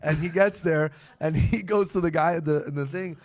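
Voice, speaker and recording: Gravelly young comedian telling stories. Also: male voice, fairly high pitch, moderate pace. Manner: animated storyteller, laughs often. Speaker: comedian guest. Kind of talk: casual podcast storytelling.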